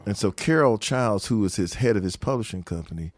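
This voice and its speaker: An older man with a low voice tells stories from his music career in an interview. He is lively and acts out what other people said, laughing often. The sound is dry and close. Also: brisk, dry recording. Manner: animated storyteller who acts out quotes and laughs often. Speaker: guest musician, guitarist and songwriter. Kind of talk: storytelling interview anecdotes.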